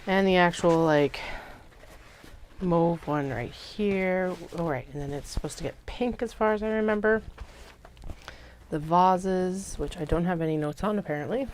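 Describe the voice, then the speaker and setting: A woman talks at a slow, easy pace in a slightly low voice while she works at her craft table. She chats casually with viewers and thinks out loud, muttering notes to herself and often trailing off into soft whispers. Faint noise sits behind her. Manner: chatty, laid-back, drifts into soft whispers. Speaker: craft livestream host. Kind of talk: casual talk while working.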